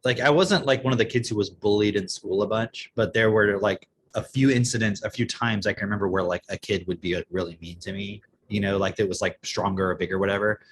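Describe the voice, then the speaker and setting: Young male co-host, talks fast, lowish voice, sarcastic and profane, faint room noise behind. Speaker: podcast co-host. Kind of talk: casual chat.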